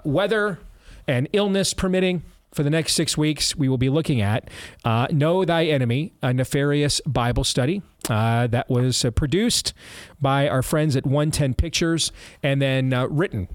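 Rambling talk-radio host, dry studio sound. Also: male voice, on the high side, no echo. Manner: rambling, self-interrupting, chuckling asides. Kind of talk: casual talk radio chat and ad read.

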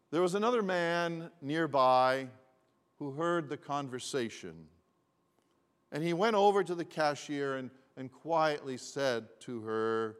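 A man preaching a sermon, telling a story slowly and deliberately with frequent repetitions. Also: mid-range voice, smooth. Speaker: pastor. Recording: long hall reverb.

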